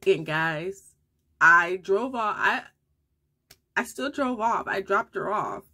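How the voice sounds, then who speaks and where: A woman's voice: medium pitch, animated, takes it slowly, bright, forceful tone, breathy edge. A young adult woman, a homeschooling mother, chatting casually to her viewers in a get-ready-with-me vlog and telling a personal story with fillers and restarts.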